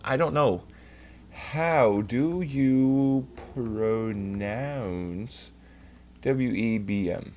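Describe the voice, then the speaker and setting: A man chatting on his livestream, ranting profanely and swinging between mumbled asides and loud outbursts. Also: mid-range voice, drawn-out words. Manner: profane ranting, swears constantly. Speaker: streamer. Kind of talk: casual stream chat.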